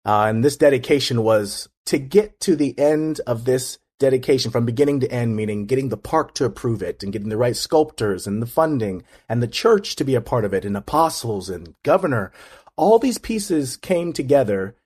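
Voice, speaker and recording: A man's voice: mid-range voice, animated, normal speed, a little mellow, slightly rough. A man as an interview guest, talking in an earnest, reflective way with frequent restarts. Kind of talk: casual conversation.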